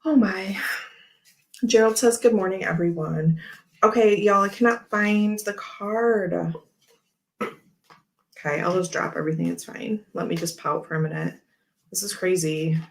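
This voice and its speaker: A woman in her thirties hosts a casual tarot livestream with a somewhat low voice. She rambles through stories and readings in an easy, chatty way, laughing often as she goes. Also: unhurried, gravelly, long pauses. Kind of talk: casual chat while handling cards.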